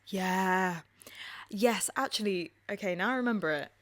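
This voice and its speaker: A woman's voice: mid-range voice, measured pace. Posh English young woman telling stories. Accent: posh southern English. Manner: chatty storyteller, laughs often, swears casually. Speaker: podcast co-host. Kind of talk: casual chat.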